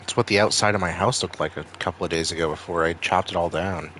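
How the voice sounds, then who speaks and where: A man's voice: sits low, fairly even intonation, quick pace, a bit bright, a little hiss or hum. A man with a Maine accent streaming a video game, chatting casually with viewers in a rambling, freely swearing way. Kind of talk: casual gaming stream chat.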